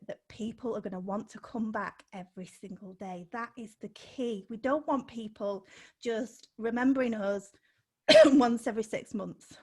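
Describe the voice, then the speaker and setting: A woman business coach, a guest on a podcast interview, talking unscripted in an upbeat way, laughing between points and stressing key words. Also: on the high side.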